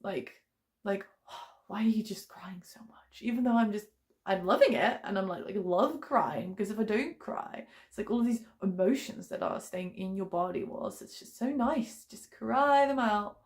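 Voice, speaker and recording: A woman's voice: medium pitch, animated, moderate pace. A young woman vlogging to camera in casual personal talk, chatty and emotionally open, with many fillers.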